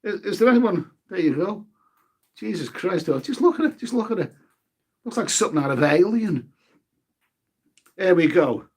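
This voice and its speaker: A man's voice: high-pitched, expressive, normal speed, pauses often, slightly rough. A man chatting casually on a live stream, eating as he talks and reading viewer comments aloud. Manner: chatty, eats while talking, swears mildly, reads viewer names aloud.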